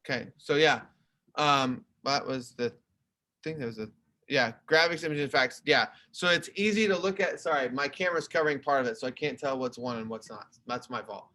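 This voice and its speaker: A man's voice: medium pitch, a little fast, sharp tone. A young male teacher explaining a lesson to his class over a video call, in a conversational, explaining manner. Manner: explaining, conversational, talks through slides. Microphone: computer webcam mic.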